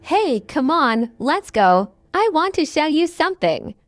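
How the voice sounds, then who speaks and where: A calm, steady soldier talks slowly and evenly, as a woman reads him. The voice is high and lively, with faint music in the background. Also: no room sound, clean studio sound. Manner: calm slow reassuring delivery. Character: calm steady male soldier, older buddy.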